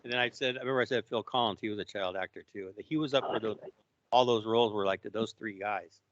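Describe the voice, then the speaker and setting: A man's voice: lowish voice, quick pace, no echo, lo-fi sound. A man hosting a casual call-in show, offhandedly sharing trivia. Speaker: show host.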